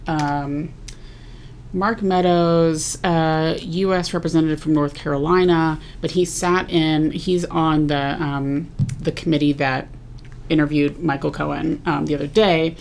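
A woman's voice: low-pitched, steady tone, measured pace, gravelly, darkish tone, slight background noise. A woman co-hosting a podcast, talking in a chatty, rambling way with lots of fillers. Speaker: podcast co-host. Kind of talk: casual chat.

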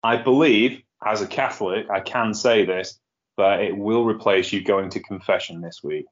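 A man's voice: lowish voice, normal speed. Rambling man hosting a podcast. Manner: chatty, rambling, laughs at own jokes. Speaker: podcast host. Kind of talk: casual podcast chat. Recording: lo-fi muffled sound.

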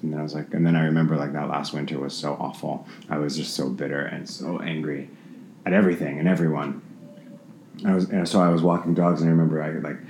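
A man, a dancer and dance professor, casually telling stories from his life as a guest, animated and laughing as he acts out quoted voices. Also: extremely low pitch, quick pace, slight background noise. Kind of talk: casual storytelling conversation. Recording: roomy echo.

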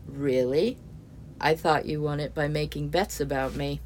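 A woman's voice: low voice, fairly even intonation, unhurried, a little mellow, a little hiss or hum. Woman doing a cool, curt young man.

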